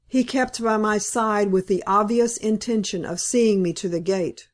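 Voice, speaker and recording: A woman reading a classic novel aloud as an audiobook narrator, in a measured, composed manner. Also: medium pitch.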